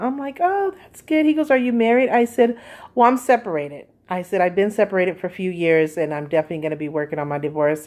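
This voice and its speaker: A woman's voice: medium pitch, a little mellow. Chatty middle-aged woman telling her story. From California, USA. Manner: chatty and confiding, frequent pauses and fillers. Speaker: vlogger. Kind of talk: casual personal storytelling. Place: at home.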